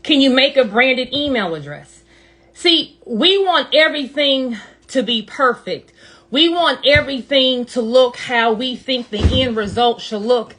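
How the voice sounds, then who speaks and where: A woman with a high, fairly bright voice and lively intonation speaks a little slowly on a live stream from a front yard outdoors. A business coach, she's out of breath while giving casual, emphatic advice and calling listeners baby and honey.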